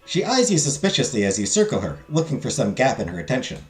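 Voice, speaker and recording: A man streaming a story game, reading its narration and chatting in an animated, rambling, self-deprecating way. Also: mid-range voice, quick pace, echoey room, soft background music. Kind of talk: casual game commentary and narration.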